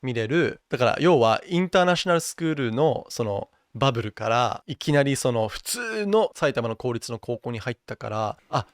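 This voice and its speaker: A man's voice: medium pitch, expressive, quick pace, hardly any pauses, no room sound, studio quality. A young man from Japan with a mixed international English accent, chatting casually as an interview guest and switching between English and Japanese.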